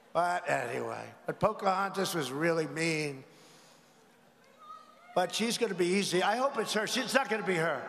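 A man with a fairly high voice holds forth at a podium, drifting from point to point and mocking his opponents with asides to the crowd. His voice rings through a large arena, with a long reverb tail and a faint hum of ambience underneath. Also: normal speed, gravelly, fairly bright tone. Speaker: political rally speaker. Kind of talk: campaign rally speech. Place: large indoor arena rally.

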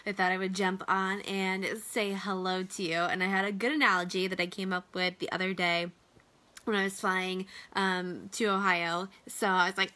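A woman's voice: fairly low pitch, fairly even intonation, normal speed, bright, forceful tone. A woman in a casual live video chat as a business coach, talking loosely with many fillers.

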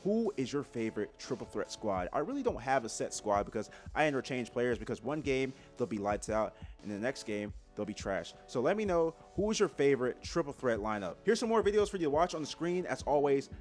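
Young male gaming creator, lively trash-talk commentary, faint music bed. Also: mid-range voice, fairly quick, hardly any pauses. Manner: excitable, trash-talking, swings from yelps to mutters. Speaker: gaming YouTuber. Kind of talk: gameplay commentary.

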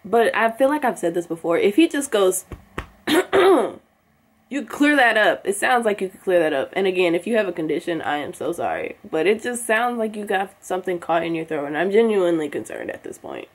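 Young woman, reaction host, husky and talkative, casual commentary. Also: fairly low pitch, expressive, fast, hardly any pauses. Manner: baffled, chatty, drops to a whisper at times.

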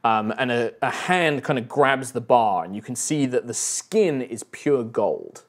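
A man's voice: mid-range voice, expressive, a little slow. A man narrating as game master in a tabletop role-playing game, loose and full of fillers.

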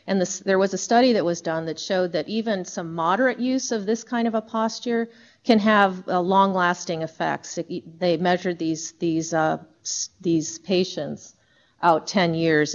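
A woman's voice: lowish voice, highs cut off. Frank, casual woman presenting health talk. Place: corporate talk room.

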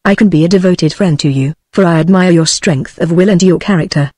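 A woman's voice: on the low side, a little fast, no room sound, clean studio sound, natural voice. A text-to-speech woman's voice with a British accent voicing a sad, fragile young female singer in a storybook reading. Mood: sorrowful. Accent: British English. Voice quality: even synthetic reading voice.

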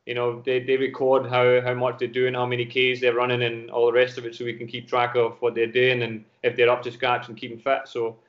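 A Danish-born man, a football coach guest, speaking English with a Danish accent mixed with Glaswegian, relaxed and quick to laugh in a casual podcast chat. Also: medium pitch. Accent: Danish with Glasgow Scottish. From Denmark. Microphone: home call over video chat. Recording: dull lo-fi internet call audio.

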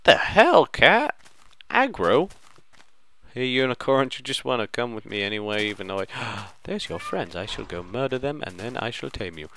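A man's voice: fairly low pitch, lively intonation, brisk, few pauses, fairly bright tone, slight background noise. Playful guy narrating his game. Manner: playful, rambling, self-mocking. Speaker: gaming video host. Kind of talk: let's-play commentary.

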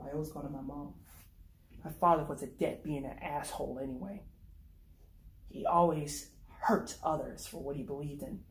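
A woman reading her own dark short story aloud in the first person, in a brooding, conversational way. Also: low voice, a little hiss or hum. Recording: echoey room.

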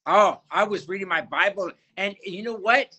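A man giving a fervent personal faith testimony in an interview, halting and often repeating his words. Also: high-pitched, sharp tone, husky, dull audio.

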